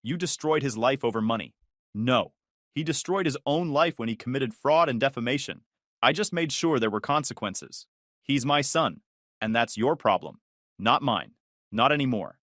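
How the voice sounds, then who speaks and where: A male narrator reads a first-person family drama in terse, clipped sentences. His pitch moves a lot from line to line, and the recording is dry and close, with no room sound. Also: expressive, moderate pace, a bit bright, dry recording.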